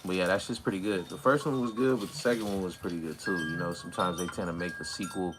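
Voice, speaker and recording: A man hosting a relaxed livestream chat, talking in a slangy, drawling way while high. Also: quick pace, noisy background. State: high from smoking. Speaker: livestream host. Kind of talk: casual chat with live chat viewers. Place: outdoors or near an open back door, windy. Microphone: phone.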